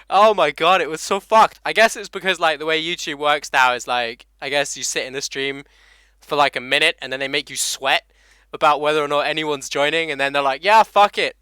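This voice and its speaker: A man's voice: on the high side, fairly even intonation, normal speed, pushed and bright, smooth, no room sound. A young man with an English accent hosting a casual motorcycle live stream, swearing freely and laughing as he greets viewers by name. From England. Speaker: motovlogger host.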